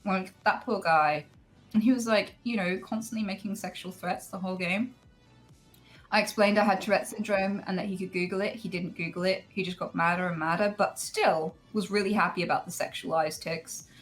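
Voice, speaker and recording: A woman chatting with friends, recounting a story in an unhurried, candid way. Her voice sits at a middling pitch and she swears freely, acting out what others said. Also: steady tone, faint music behind, low-quality recording. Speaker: streamer guest. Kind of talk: casual group chat, storytelling.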